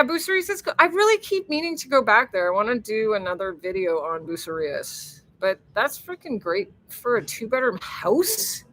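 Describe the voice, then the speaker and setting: Bright-voiced rambling woman vlogger. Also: medium pitch, poor audio. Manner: rambling, chatty, laughs often, swears freely. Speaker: vlogger hosting a live stream. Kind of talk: casual live-stream chat reading viewer comments.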